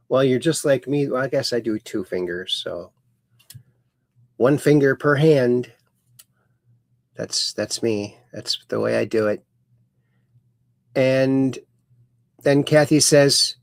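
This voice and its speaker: Older male host, unhurried and gravelly, folksy chat-reading on a livestream, dry close mic. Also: mid-range voice, a little mellow, no echo. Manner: slow, folksy, playful sing-song announcing of viewers. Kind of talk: casual livestream chat, reading chat messages aloud.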